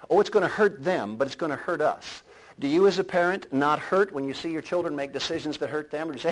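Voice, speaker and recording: A man preaching a sermon, swelling to loud emphatic lines and then dropping to a low, quiet delivery. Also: brisk, poor audio. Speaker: pastor.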